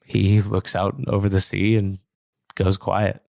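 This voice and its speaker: A man narrating a tabletop game as game master, relaxed with hesitant fillers. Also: sits low, unhurried, vocal fry, no echo, studio quality.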